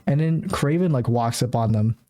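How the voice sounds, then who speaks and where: Male podcast co-host, mellow and relaxed tone, chatty and meandering while recapping a movie. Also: mid-range voice, normal speed. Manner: rambling, filler-heavy storytelling with frequent laughs. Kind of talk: casual movie review chat.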